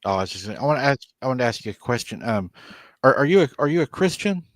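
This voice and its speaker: A man's voice: medium pitch, big pitch swings, very fast, dry recording. A man hosting a casual call, easygoing, asking plain questions. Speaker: host. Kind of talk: casual chat.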